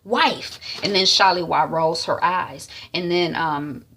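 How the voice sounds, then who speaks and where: A woman casually recapping a TV episode in a chatty, animated storytelling manner. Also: sits low, a little slow, a little hiss or hum. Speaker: recap vlogger.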